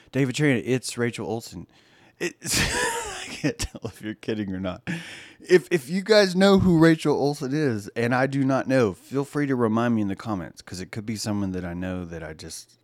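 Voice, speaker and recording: A man's voice: medium pitch, very animated, moderate pace, no echo. A man hosting a video, rambling jokily through a comedic commentary, stumbling and searching for words. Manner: rambling, jokey, full of restarts and word hunts. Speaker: video host.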